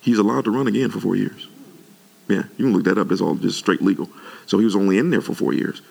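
At a quick pace, a male pastor preaches to the congregation, his lowish voice very gravelly and rough. The delivery is animated, with sudden leaps in pitch whenever he gets fired up.

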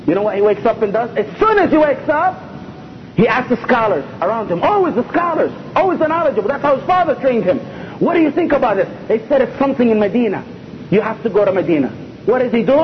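A man's voice: extremely high pitch, big pitch swings, quick pace. A man preaching a sermon with speech, telling stories animatedly and repeating phrases for emphasis. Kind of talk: sermon storytelling. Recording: dull lo-fi lecture recording with faint hiss.

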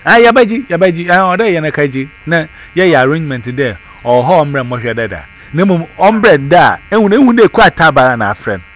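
A man's voice: on the high side, lively intonation, fairly quick, hardly any pauses, a bit bright, a little hiss or hum. A man, telling a story in casual chat and switching between Twi and English. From Ghana.

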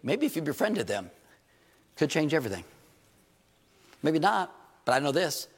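A man preaching a sermon in a church, animated and joking, with rhetorical questions to his congregation. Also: a little high, normal speed, slightly rough. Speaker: pastor. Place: church hall. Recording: reverberant church hall.

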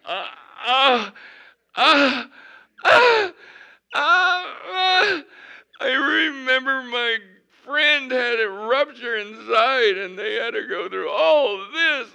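A man's voice: gravelly, sharp tone, full character voice. An older man voicing a panicky man who frets over a pain in his side, wailing and whimpering. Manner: high whimpering wails.

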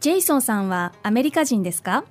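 A woman from Japan co-hosting a language lesson, modeling Japanese phrases slowly and clearly. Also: fairly high pitch, big pitch swings, soft background music. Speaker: co-host, native speaker.

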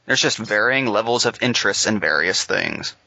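A man's voice: lowish voice, lively intonation, normal speed, gravelly, sharp tone, no room sound. A young man in casual group chat, sardonic and fond of mocking others in quotes. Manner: sardonic, mock-quoting others. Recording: dry, muffled lo-fi recording.

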